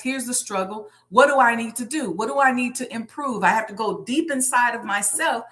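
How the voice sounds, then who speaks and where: A woman's voice: a little high, pushed and bright. A woman teaching manifestation to a live online audience, repeating her key lines like a preacher.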